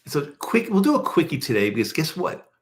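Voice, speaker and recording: A man's voice: fairly high pitch, big pitch swings, fast talker. A man with a Baltimore accent hosting a casual livestream, talking in a rambling, chatty way with many restarts and fillers. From Baltimore, USA. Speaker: podcast host.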